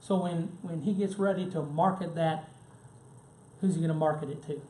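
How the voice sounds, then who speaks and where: A man's voice: a little high, steady tone, normal speed, dark tone. A man giving a conversational business seminar, telling anecdotes and checking in with the audience with frequent "right?" and "okay?". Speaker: seminar presenter. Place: seminar room. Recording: echoey room with faint background noise.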